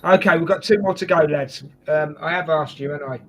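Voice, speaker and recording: A man's voice: fairly high pitch, fairly quick, fairly bright tone, a little hiss or hum. A man hosting a casual football preview chat, joking and calling his guests mate. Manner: jokey, chatty, addresses guests as mate. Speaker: host.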